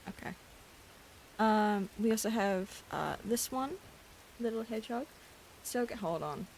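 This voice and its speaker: A woman streaming a game late at night, chatting casually in a hushed voice, giggling and gushing over cute things. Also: mid-range voice, expressive, unhurried, a little hiss or hum. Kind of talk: casual live-stream chat while gaming.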